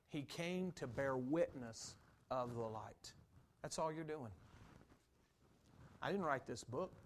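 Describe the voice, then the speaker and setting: A male pastor with a notably high voice delivers a sermon. He talks to the congregation in a plain, conversational way, then builds into loud, forceful preaching. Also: a little hiss or hum.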